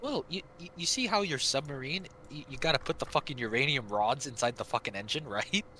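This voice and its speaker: A man telling gaming stories in casual chat, animated and swearing freely. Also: mid-range voice, a little fast, a little hiss or hum. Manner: animated, swears a lot, acts out quotes. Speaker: gaming friend on stream.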